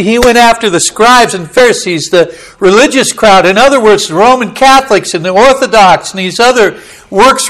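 A man preaching a fiery sermon, swinging between hushed storytelling and loud, emphatic hollering with a repetitive preaching cadence. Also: sits high, low-quality recording.

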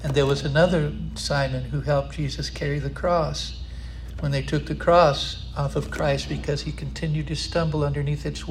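A man preaching a sermon, impassioned and building to loud, emphatic climaxes. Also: a little high, slight background noise.

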